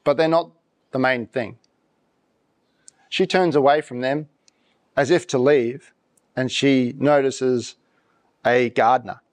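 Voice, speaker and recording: In church, a male pastor preaches a sermon in a conversational, animated way, tossing out rhetorical questions. His voice is mid-range, and he speaks slowly with frequent pauses.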